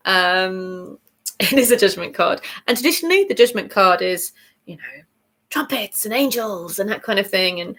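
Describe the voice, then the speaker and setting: A woman hosts her weekly tarot reading video in a relaxed, chatty way. She sounds bubbly and laughs often. She backtracks and corrects herself as she talks. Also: medium pitch, normal speed. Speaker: tarot reader.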